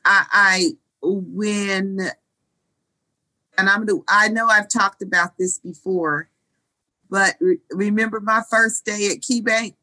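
A woman co-hosting a casual talk show, speaking earnestly and deliberately and stressing key words. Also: medium pitch, fairly even intonation, bright, forceful tone, poor audio. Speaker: co-host. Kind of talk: casual chat.

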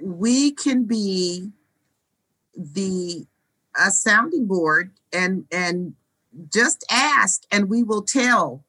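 Slow-talking earnest woman co-host. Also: mid-range voice, pushed and bright, poor audio. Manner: deliberate, earnest, stresses key words. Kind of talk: casual chat.

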